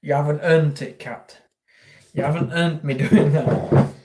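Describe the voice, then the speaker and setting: A man's voice: on the high side, fairly even intonation, a little slow, dark tone. A man with an English accent hosting a casual livestream, chatting with viewers and greeting them by name. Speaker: livestream host.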